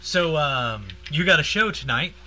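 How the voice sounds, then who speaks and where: A man's voice: a little high, expressive, measured pace, a loud crowd. A man in casual chat, telling a rambling joke and laughing at his own lines. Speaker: comedian.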